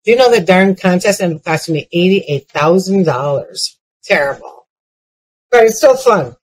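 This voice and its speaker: At a moderate pace, an older keynote speaker with a fairly low, slightly rough voice tells comedic personal stories aimed at punchlines. She's lively and keeps restarting, on a rough recording with no echo.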